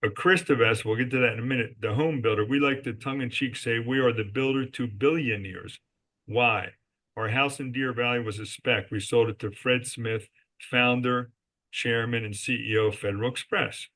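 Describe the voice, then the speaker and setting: A man's voice: mid-range voice, steady tone, moderate pace, pushed and bright. A man as a guest in a podcast interview, telling business stories emphatically and answering his own rhetorical questions. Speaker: guest, resort company executive.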